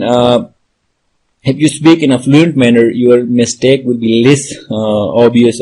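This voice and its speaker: A man's voice: medium pitch, mellow, low-quality recording. A man explaining speaking-exam tips as a tutor, hesitant and full of "uh, means" fillers, restating each point. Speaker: IELTS tutor.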